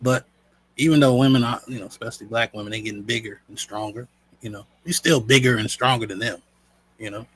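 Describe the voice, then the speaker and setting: A man hosting a live stream, casual and slangy, shouting out viewers. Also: medium pitch, fairly even intonation, fast, breathy edge, low-quality recording. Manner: laid-back, slangy, says "you know what I'm saying". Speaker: show host.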